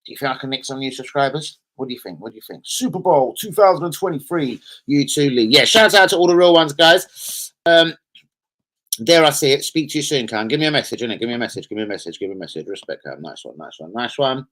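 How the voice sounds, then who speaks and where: Bright-voiced man chatting on stream. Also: mid-range voice, expressive, fast, low-quality recording. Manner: loose, sweary, shouting out viewers. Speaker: live stream host. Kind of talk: casual live stream chat.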